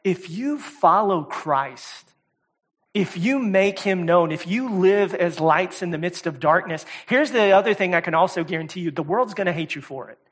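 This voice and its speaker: A man preaching a sermon as a guest speaker, talking casually and repeating words, swinging between loud emphatic stretches and quiet soft ones. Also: sits high, animated, normal speed. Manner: conversational, repeats words and says "y'all" often. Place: church service.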